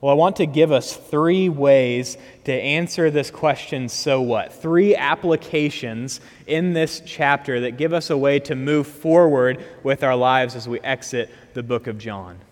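A man's voice: mid-range voice, measured pace, few pauses, in a large hall. A man preaching a sermon in a conversational way, with casual asides to his listeners. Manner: conversational, lively, with asides to the congregation. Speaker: pastor.

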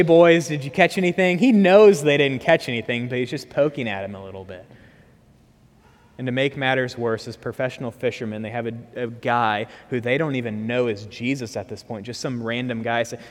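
Conversational male pastor, hall reverb. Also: mid-range voice. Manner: conversational, lively, with asides to the congregation. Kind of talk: sermon.

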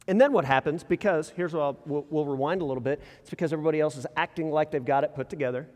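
Higher-voiced preacher echoing through a hall. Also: male voice. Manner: conversational preaching with rhetorical questions and quick restarts. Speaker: pastor. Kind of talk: sermon. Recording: long reverb in a large hall.

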